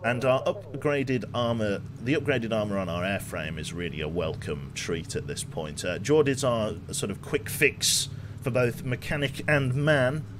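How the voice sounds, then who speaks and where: A man in his twenties from England, his Birmingham accent only occasionally slipping through, talks his way through a live game stream. His voice sits on the low side but swings up and down with lively animation as he reads out menus and pokes fun at himself. A faint ambient hum runs underneath. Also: moderate pace. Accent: light Birmingham. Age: 20s. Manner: chatty, self-mocking, reads out game menus. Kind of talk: live gameplay commentary.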